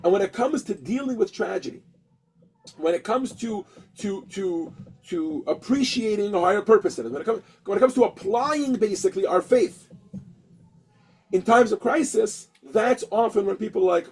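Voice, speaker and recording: Male teacher with a high, husky voice; lively storyteller who acts out each character. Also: moderate pace, low-quality recording. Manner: animated storyteller acting out characters, frequent restarts. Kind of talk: storytelling lesson.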